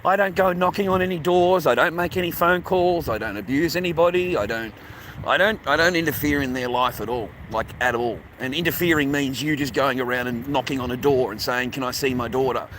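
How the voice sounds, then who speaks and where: A man's voice: mid-range voice, brisk, a bit bright, a little hiss or hum. A man talking casually to his viewers while walking outdoors by a beach, blunt and full of swearing, calling them mate and bro. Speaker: vlogger. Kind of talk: casual walking vlog monologue.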